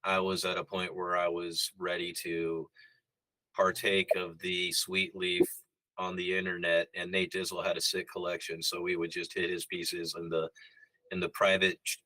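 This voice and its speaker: Male guest, deep voice with a bright edge, rambling and reminiscing. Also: completely flat delivery, moderate pace, no room sound, rough recording. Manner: rambling and reminiscing, with many restarts. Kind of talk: casual chat.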